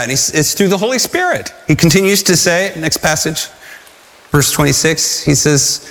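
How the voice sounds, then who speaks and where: A man preaching a sermon, telling stories with animated energy and asking the congregation rhetorical questions. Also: a little high, normal speed, gravelly, in a large hall. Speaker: pastor.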